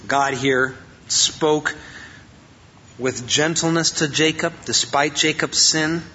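A male pastor giving an informal, joking sermon, animated and often acting out voices. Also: a little high, slow, lo-fi sound.

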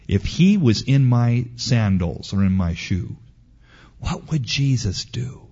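A middle-aged preacher speaks slowly and deliberately, with a husky voice whose pitch swings widely. He tells stories and repeats his points with emphasis. The recording sounds dull and lo-fi. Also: expressive, dark tone. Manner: storytelling, repetitive, emphatic. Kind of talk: sermon.

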